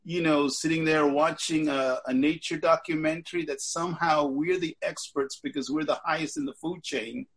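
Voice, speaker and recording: An American man joins an online book club discussion over a video call. He talks in a husky, slightly high voice. He is animated and joking. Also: normal speed, few pauses. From United States. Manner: animated and joking, breaks into laughter. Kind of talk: casual discussion.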